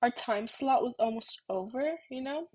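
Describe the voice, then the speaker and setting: A young woman vlogger telling a story in a rambling, self-deprecating way, swearing casually, with a husky voice. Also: fairly high pitch, normal speed, darkish tone, poor audio.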